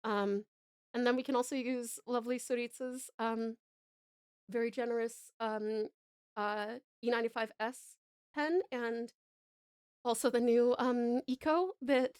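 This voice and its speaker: Australian woman, live streamer, high bright voice, dry close mic, effusive and casually profane. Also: fairly even intonation, unhurried, clear, resonant tone, no echo. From Tasmania, Australia. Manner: gushing, effusive thanks with casual swearing. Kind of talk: live stream chat with viewers.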